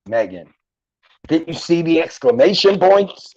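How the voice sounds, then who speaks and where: Reading viewers' live comments, a middle-aged livestream host chats and jokes casually, swearing freely. His mid-range voice is a little mellow at a moderate pace, picked up by a computer mic with headphones. The sound is dry and lo-fi.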